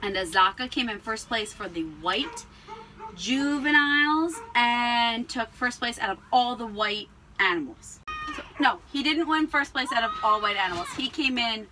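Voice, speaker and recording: A woman co-hosting a casual farm podcast, chatty and quick to laugh while telling stories. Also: on the high side, expressive, background noise. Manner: chatty, laughs often, storytelling. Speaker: podcast co-host, alpaca farmer. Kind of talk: casual chat.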